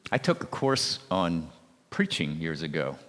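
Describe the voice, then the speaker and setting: A man, an ordained minister, giving a folksy, anecdotal talk at a church marriage seminar and gently teasing his audience. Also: a bass voice, huge pitch swings, unhurried. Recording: reverberant hall sound.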